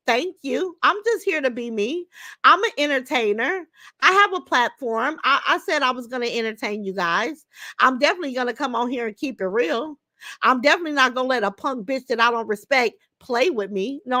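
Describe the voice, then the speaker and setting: High, bright-voiced woman, profane livestream rant. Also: animated, a little fast, no room sound. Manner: profane, confrontational, calling out rivals. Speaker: livestream host reading viewer comments. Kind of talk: unscripted livestream chat.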